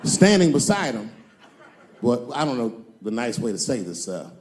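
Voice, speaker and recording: A man doing stand-up comedy, swaggering and swinging between loud and soft for his punchlines. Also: medium pitch, big pitch swings, normal speed, background noise.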